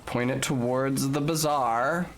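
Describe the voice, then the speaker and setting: A woman's voice: rumbling low, steady tone, slight background noise. A young woman streaming a video game, chatting casually with her audience, joking and swearing freely. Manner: joking, swears freely, quick asides to chat. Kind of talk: casual gameplay commentary.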